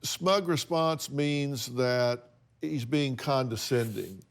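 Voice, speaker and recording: A man's voice: medium pitch, slow. A man hosting a talk show, counseling a guest in a blunt, emphatic, lecturing way. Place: TV studio with audience.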